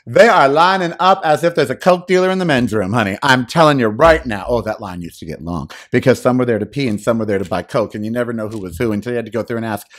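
A man hosting a podcast, giving a casual, animated and theatrical monologue into a microphone at home. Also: medium pitch, fast, hardly any pauses. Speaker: podcast host. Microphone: studio microphone.

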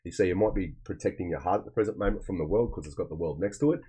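A man's voice: sits low, racing, dark tone, slightly rough, poor audio. A man giving a casual, rambling tarot reading, often repeating himself and checking in with "okay?". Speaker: tarot reader.

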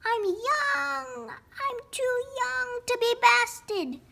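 A woman voicing a small frightened young male turkey in a storybook reading, with high panicky cries. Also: extremely slow, vocal fry, noisy background, exaggerated voice.

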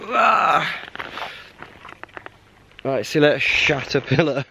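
A man's voice: fairly high pitch, takes it slowly. A middle-aged man vlogging a solo hike, chatting casually to camera with jokes and frequent laughs, outdoors and then inside a bothy. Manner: chatty, jokey, laughs often. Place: outdoors on a hiking trail, later inside a bothy.

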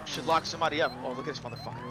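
Hotheaded rp cop guy, cusses nonstop, fast talk, voice jumps all over the place. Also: on the high side, wildly swooping pitch, very noisy. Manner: hotheaded, cursing, yelling. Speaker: game player playing a cop. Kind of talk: role-play as a police officer.

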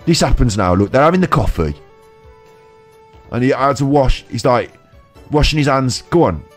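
A man's voice: mid-range voice, expressive, moderate pace, soft background music. A man with a West Midlands accent, a streamer who retells a film scene by scene in a loose, rambling comic way. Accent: West Midlands English. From England. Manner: rambling, jumps into silly quoted voices. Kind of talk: comic retelling of a film in his own words.

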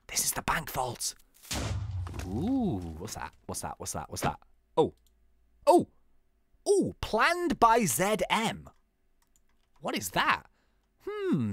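A man's voice: fairly bright tone, dry recording, clean studio sound. A young man giving jokey, playful commentary while playing a game. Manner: playful, jokey, laughs at own jokes, wildly swinging pitch. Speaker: gaming YouTuber. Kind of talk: casual gameplay commentary.

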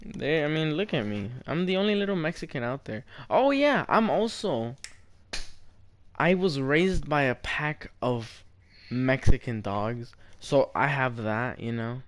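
A man's voice: mid-range voice, lively intonation, a little slow, fairly bright tone. A young man in game voice chat, telling mock-serious tall tales and playfully trolling a stranger while he plays, stretching out the other player's name. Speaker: gamer.

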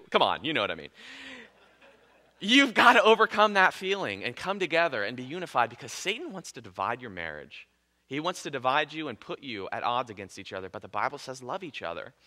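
A male pastor preaching a sermon in a lively, conversational way, with self-deprecating jokes. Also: fairly high pitch.

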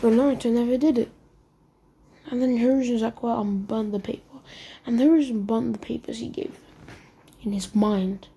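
A woman improvising a fan-fiction story and rambling as she goes. She stumbles over words and drops into whispered asides. Her pitch sits fairly high and her tone is mellow and soft. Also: fairly even intonation, normal speed, creaky, long pauses, husky.

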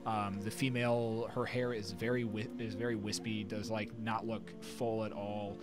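A man's voice: lowish voice, little pitch movement, normal speed. A man narrating as game master for a tabletop game, rambling with many fillers and restarts. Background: background music.

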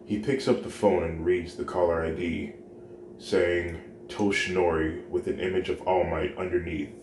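A man with a very deep voice reads a fan-made story at an unhurried pace. The recording sounds roomy, with clear background noise under him. He speaks every character in his own plain voice. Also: level tone. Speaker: fan fiction narrator. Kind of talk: slow scripted story reading.

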